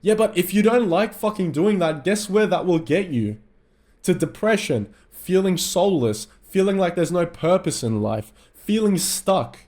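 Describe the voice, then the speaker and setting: A man's voice: high voice, animated, measured pace, darkish tone. Fiery, profane young Australian man. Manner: intense, profane, ranting. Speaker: mindset vlogger. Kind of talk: motivational monologue.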